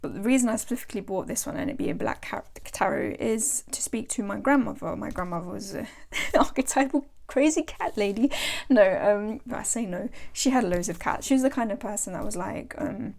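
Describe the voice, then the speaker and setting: A woman's voice: medium pitch, expressive, a little fast, gravelly, darkish tone. A woman chatting casually as a tarot vlogger, rambling and laughing as she shows her decks. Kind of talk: casual show-and-tell chat. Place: home.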